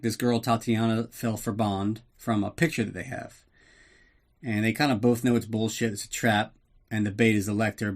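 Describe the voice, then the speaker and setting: A man hosting a podcast, recapping a movie in a loose, profane, joking way. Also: mid-range voice. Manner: profane, jokey, does quick voices for characters. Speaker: podcast host. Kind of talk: casual comedic movie recap.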